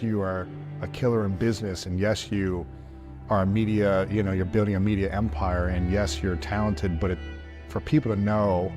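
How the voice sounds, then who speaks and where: Man, fairly low voice, warm encouraging interviewer, clear music bed under the speech. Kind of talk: casual interview chat. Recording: music bed mixed over the voice.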